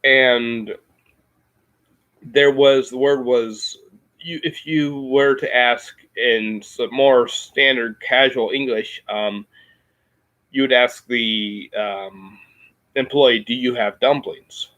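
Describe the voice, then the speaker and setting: Halting Midwestern man, lo-fi audio. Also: medium pitch, fairly even intonation, a bit bright. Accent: Midwestern American. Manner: halting, many ums and restarts. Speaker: podcast host. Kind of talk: casual explanatory chat.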